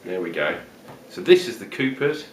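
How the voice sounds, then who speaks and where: Chatty vlogger, male, hamming up a put-on Australian accent, low-pitched, recorded from a distance in a roomy space. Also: big pitch swings, normal speed, a little hiss or hum. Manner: chatty, jokey, rambling with fillers. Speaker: vlogger reviewing beer. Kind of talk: casual beer review vlog. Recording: roomy, distant home-video sound.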